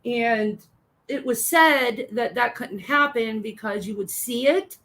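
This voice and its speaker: A woman chatting on a livestream in a high voice. She rambles and swears casually as she greets viewers and tells stories. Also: slow pace, fairly bright tone. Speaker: livestream co-host.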